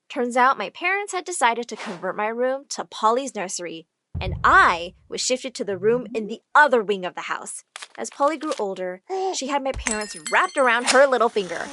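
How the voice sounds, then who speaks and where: A young woman telling a dramatic first-person story for an animation, expressive and emotional, often exclaiming. Her voice is high and very lively, leaping across a wide range of pitch. Faint music plays behind her. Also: normal speed. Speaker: narrator.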